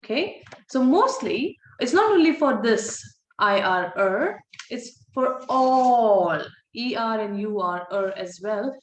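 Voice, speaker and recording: A woman teaching a recorded online phonics lesson, sounding out words slowly and breaking off with apologetic asides. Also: on the high side, lively intonation, roomy sound, slight background noise. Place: holiday home by the sea, waves audible.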